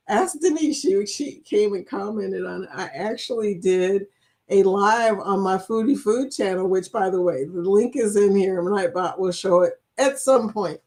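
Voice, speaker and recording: A woman's voice: medium pitch, a little mellow. Chatty middle-aged woman livestream host. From Kentucky, USA. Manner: chatty and rambling, laughs often, reacts to chat comments. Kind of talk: casual chat reading viewer comments.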